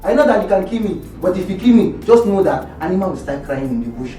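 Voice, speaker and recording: An actor playing a defiant young Nigerian man who insistently and loudly demands money he is owed. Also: high-pitched, big pitch swings, fast. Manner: loud, insistent, repetitive demands. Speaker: debtor's son demanding money. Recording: roomy distant sound with music.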